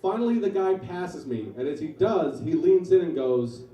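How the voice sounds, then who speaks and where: Deadpan forty-year-old comic, echoey bar. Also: male voice, high voice, normal speed, recorded from a distance. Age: 40s. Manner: deadpan storytelling with loud punchlines. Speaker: stand-up comedian. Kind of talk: stand-up set. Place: small New York comedy bar. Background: audience laughter.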